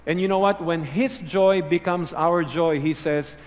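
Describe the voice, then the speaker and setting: A male pastor delivers an earnest, teaching sermon in a somewhat high voice. He sinks low and soft to press key words home. The sound carries a long echo from a large hall. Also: steady tone, unhurried.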